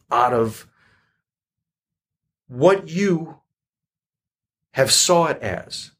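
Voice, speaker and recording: Husky man explaining a moral. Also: fairly high pitch. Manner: reflective, rambling explanation. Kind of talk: retelling a story with a moral.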